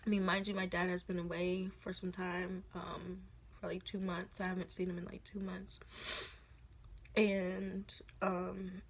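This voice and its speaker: A woman in her twenties tells a personal story in a casual vlog, speaking softly and haltingly with many fillers. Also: fairly low pitch, little pitch movement, slightly rough. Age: 20s. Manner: soft, halting, full of fillers. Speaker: vlogger.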